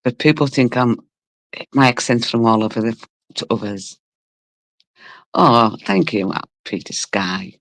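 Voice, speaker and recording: A woman from Cumbria, hosting a casual live stream. Her voice is low and rough, and she chats bluntly, swears and laughs a lot while greeting viewers. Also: animated, a little slow, pauses often, dry recording. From Cumbria, England. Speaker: livestream host.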